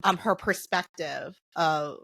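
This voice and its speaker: A young woman co-hosting a casual podcast, her bright voice recorded dry and close. She reacts warmly, laughs often and chimes into the story. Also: lowish voice, takes it slowly, vocal fry, husky, dry recording. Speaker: podcast co-host. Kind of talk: casual chat.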